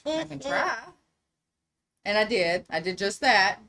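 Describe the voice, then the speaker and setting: A middle-aged woman with a Southern US accent, hosting a casual livestream chat, animated and laughing often. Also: medium pitch, unhurried, vocal fry, low-quality recording. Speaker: livestream host.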